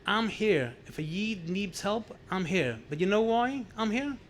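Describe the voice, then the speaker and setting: A man voicing a secretive Soviet doctor who asks pressing questions in a quiet, firm way. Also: high-pitched, expressive, measured pace, slight background noise. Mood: earnest.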